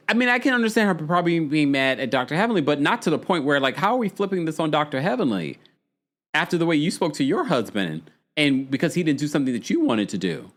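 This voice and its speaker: A man hosts a casual podcast recap, talking in a chatty, animated way with frequent laughs and dramatic asides. His voice sits a little high for a man and swoops widely up and down as he tells the story. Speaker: podcast host recapping a reality show.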